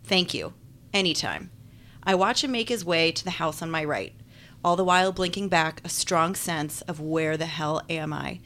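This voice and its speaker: A woman's voice: low-pitched, moderate pace, fairly bright tone, a little hiss or hum. Wry woman narrating an audiobook. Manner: wry, chatty, self-deprecating. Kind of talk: first-person audiobook narration.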